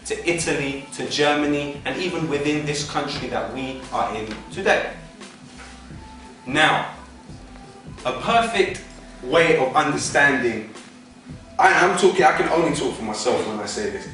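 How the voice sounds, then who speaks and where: A man's voice: mid-range voice, a bit bright. British man asking pointed questions in a very echoey hall. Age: young adult. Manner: passionate rhetorical questioning. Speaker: rapper and activist. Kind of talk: public talk. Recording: echoey room, far from mic, faint music.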